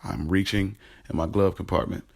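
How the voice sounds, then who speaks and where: A man's voice: low voice, normal speed, creaky, husky. A man narrating his own story in the first person, in a casual, streetwise and profane way. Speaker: narrator and creator.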